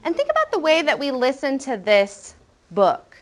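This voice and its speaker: A woman teaching a first-grade language lesson, encouraging and animated, reading lines aloud slowly and rhythmically. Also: sits high.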